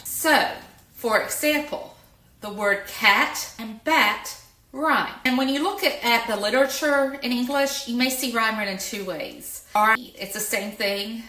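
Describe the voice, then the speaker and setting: A middle-aged woman explaining reading skills in a lesson, slow and clear, and she stresses each example word. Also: medium pitch, pushed and bright. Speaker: educator. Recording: echoey room.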